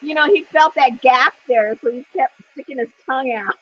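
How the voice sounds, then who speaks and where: A woman's voice: sits high, moderate pace, slightly rough. A woman vlogger chatting casually and telling a story, often laughing as she talks. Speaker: craft vlogger. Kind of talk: casual chat while crafting. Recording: dull lo-fi sound.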